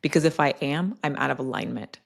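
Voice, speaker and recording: Low, gravelly-voiced woman telling her story. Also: animated, fast talker. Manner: reflective, personal storytelling with frequent "like" and "right?". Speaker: podcast guest, health coach. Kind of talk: casual conversational interview.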